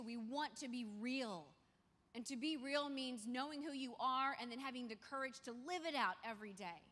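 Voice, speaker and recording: A young adult woman giving a faith talk to a youth audience, telling a personal story in a lively, earnest way. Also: fairly high pitch. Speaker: conference speaker. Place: large conference hall. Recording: long hall reverb from a large venue.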